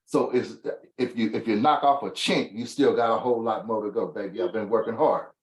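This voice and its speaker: A man's voice: fairly low pitch, brisk. A man hosting a motivational talk, speaking thoughtfully and casually, often searching for his words. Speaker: host. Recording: roomy echo.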